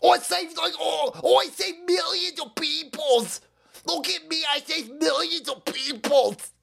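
A man's voice: extremely high pitch, takes it slowly, creaky, a bit bright, voice pushed up, exaggerated voice. A man putting on a mocking impression of a boastful elderly male official who shrieks about his own greatness. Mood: shrill boasting.

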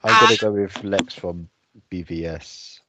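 A man co-hosting a casual podcast, giving low-key, teasing, brief replies. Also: wildly swooping pitch, unhurried, noisy background. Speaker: podcast co-host.

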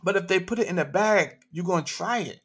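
A man holds forth on his livestream, throwing out rhetorical questions and street slang. His voice sits fairly high for a man and comes out hard, bright and pushing. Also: expressive, a little fast, breathy edge. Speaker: livestream host. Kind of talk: animated opinion talk.

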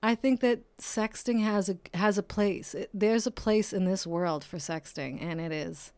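A woman's voice: mid-range voice, unhurried, a little mellow, clean tone, no room sound. A young woman from Massachusetts hosting a casual monologue podcast, rambling, profane and jokey, laughing often. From Brockton, Massachusetts. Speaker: podcast host. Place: home in California.

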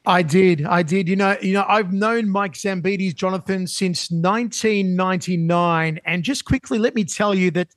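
Sports co-host, man, high-pitched voice, dry close sound, lively storyteller. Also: no room sound. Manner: animated storyteller, fast bursts. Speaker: show co-host and interviewer. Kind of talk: casual sports show chat.

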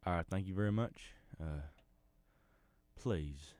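A man's voice: low voice, takes it slowly, darkish tone, no room sound. A middle-aged man with a Southern US accent, hosting a podcast in a folksy, rambling, mock-earnest comedic monologue. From Arkansas. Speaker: podcast host.

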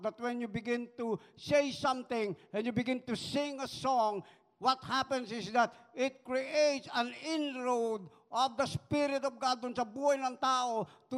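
A man's voice: extremely high pitch, fairly bright tone, in a large hall. A man with a Filipino accent preaching a rousing, emphatic sermon and mixing English with Tagalog. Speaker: pastor.

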